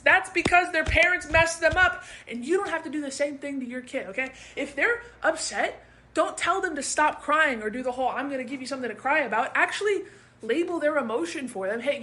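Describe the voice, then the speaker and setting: Woman w/ high bright voice, blunt casual parenting tips, swears a bit. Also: slight background noise. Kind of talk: casual advice talk.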